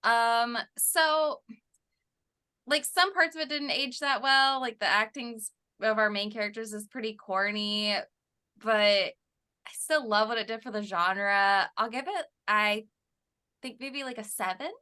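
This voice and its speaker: A woman's voice: fairly high pitch, unhurried, pushed and bright, smooth. A woman co-hosting a podcast, animatedly retelling scenes and laughing as she reviews a film over a call. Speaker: podcast co-host. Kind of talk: casual chat reviewing a film. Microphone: remote call.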